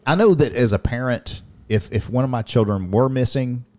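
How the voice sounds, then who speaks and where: A middle-aged man co-hosting a casual comedy talk show, trading quick playful quips. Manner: playful, quick quips, lively swings in pitch. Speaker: co-host.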